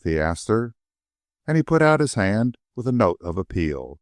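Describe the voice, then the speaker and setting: Expressive low-voiced male narrator. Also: moderate pace, no echo, clean studio sound. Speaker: audiobook narrator. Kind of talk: scripted narration.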